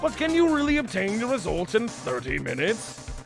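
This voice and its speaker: A man's voice: high voice, wildly swooping pitch, moderate pace, vocal fry, over music, full character voice. A man voicing a stern, fussy elderly male judge in a video game, speaking formally.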